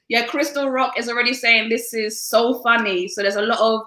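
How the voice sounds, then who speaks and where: A high-voiced woman hosting a casual live-stream interview, bubbly and quick to laugh at herself. Her tone is bright and ringing, and the room around her sounds echoey. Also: steady tone. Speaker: radio host.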